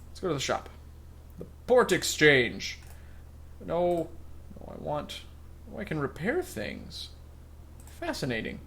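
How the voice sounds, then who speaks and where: Man, let's play host, sarcastic commentary, wry rambling jokes, slightly high voice. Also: huge pitch swings, takes it slowly, gravelly, long pauses, fairly bright tone, slight background noise. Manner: rambling, wry, joking asides. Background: faint game music.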